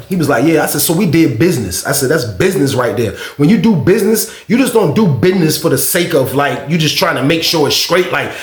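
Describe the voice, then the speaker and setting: Animated profane man telling a story. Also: on the high side, fast talker, few pauses, echoey room. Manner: animated, profane, street slang, rising to agitated outbursts. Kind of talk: casual storytime monologue.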